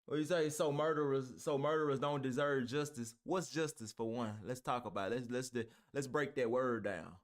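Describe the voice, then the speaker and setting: A man's voice: medium pitch, moderate pace, few pauses. A man reacting to a clip, heated and argumentative, talking with heavy profanity. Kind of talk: ranting reaction commentary.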